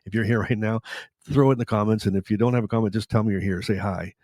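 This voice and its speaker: A man from Canada with a lowish voice tells his story on a live stream. He rambles, corrects himself and laughs often. The sound is dry and close. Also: steady tone, quick pace, darkish tone, no room sound. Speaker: host.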